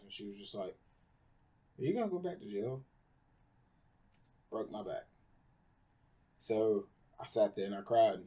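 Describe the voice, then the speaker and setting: A man's voice: on the low side, warm tone. A man candidly telling his personal story in a conversation, rambling with lots of fillers. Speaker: guest.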